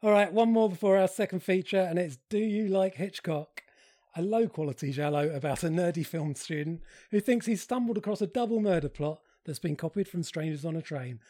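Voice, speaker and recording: A man's voice: high-pitched, brisk, mellow. A man hosting a casual film podcast, wry and sweary as he introduces each film. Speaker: podcast host.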